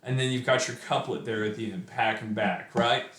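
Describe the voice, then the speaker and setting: A man's voice: medium pitch, fairly even intonation, moderate pace, fairly bright tone, echoey room. A man giving an informal lesson on a poem, thinking aloud with many fillers and restarts. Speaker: poetry teacher. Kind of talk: informal poetry lecture.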